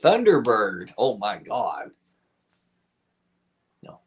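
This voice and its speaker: A man's voice: fairly low pitch, wildly swooping pitch, drawn-out words. Laid-back man chatting to a live chat. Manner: rambling, swears freely, laughs often. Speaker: live stream host. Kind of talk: casual chat with live chat viewers.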